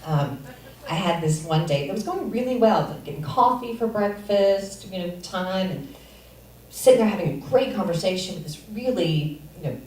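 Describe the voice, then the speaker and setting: A middle-aged woman doing a stand-up comedy set in a theater, with a deadpan delivery and filler pauses, as the audience laughs. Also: mid-range voice. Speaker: stand-up comic. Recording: roomy echo, far from mic.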